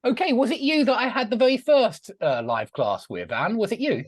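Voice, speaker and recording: A man's voice: extremely high pitch, sing-song, a little fast, no room sound, clean studio sound. A man teaching an online English class over a video call, friendly and chatty, asking his students questions.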